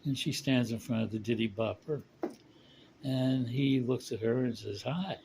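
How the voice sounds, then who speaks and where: Gravelly man, rambling joke teller, faint hiss behind. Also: mid-range voice, fairly even intonation. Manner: rambling, chuckling, slows for punchlines. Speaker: storyteller. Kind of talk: casual joke telling.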